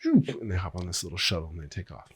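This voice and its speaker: A man's voice: sits low, very animated, fast, husky. A man on a podcast, a screenwriter guest, casually retelling a story in a rambling way and swearing loosely. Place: podcast studio.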